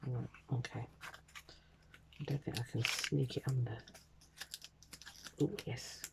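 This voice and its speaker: A woman's voice: a bass voice, fairly even intonation, takes it slowly, gravelly, very noisy. A woman vlogger chatting casually as she crafts, self-deprecating, muttering asides to herself and sometimes dropping to a whisper. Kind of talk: casual crafting chat while working.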